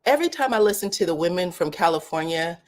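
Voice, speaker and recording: A woman hosting a live commentary stream, chatting casually and greeting viewers one by one in drawn-out welcomes. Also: lowish voice, lively intonation.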